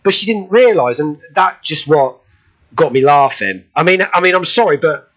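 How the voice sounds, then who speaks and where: A British man hosting a radio show in casual chat, excitable and quick to burst out laughing. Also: on the high side. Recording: dull lo-fi radio audio.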